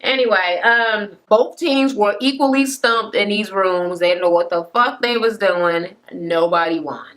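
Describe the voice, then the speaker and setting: A woman's voice: a little slow, few pauses, a bit bright. A woman recapping a reality show in a casual, profane rant, acting out the cast members' lines. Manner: sassy, profane, acts out cast members' quotes in higher voices.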